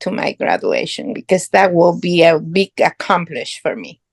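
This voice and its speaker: A woman's voice: on the low side, very animated, moderate pace, creaky, breathy edge, dry recording. A middle-aged woman from Guatemala, a podcast guest telling her story in earnest, proud, English. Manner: earnest, proud, non-native English phrasing. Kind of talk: casual conversational storytelling.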